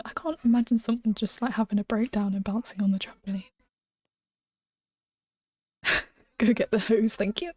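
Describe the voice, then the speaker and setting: A woman's voice: medium pitch, steady tone, normal speed, pauses often, dry recording. Giggly woman streaming, dry close mic. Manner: chatty, giggly, often drops to a hushed whisper. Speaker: game streamer. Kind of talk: casual live-stream chat. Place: small room at home.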